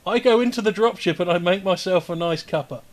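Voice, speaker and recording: A man's voice: high voice, fast. Chatty man at a tabletop game. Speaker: player. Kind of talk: joking tabletop chat.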